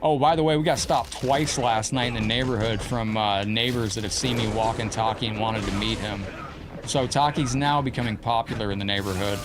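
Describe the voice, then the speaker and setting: A man's voice: lowish voice, fairly even intonation, fairly quick. A man streaming a fighting game, chatting casually with viewers and talking sweetly to his cat. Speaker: gaming streamer. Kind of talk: casual live-stream chat.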